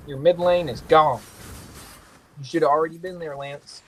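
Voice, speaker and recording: A young man commenting on his own mobile game match, excitable and swearing freely, with quick apologetic asides. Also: on the high side, slight background noise. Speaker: gaming podcast host. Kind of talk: casual gameplay commentary.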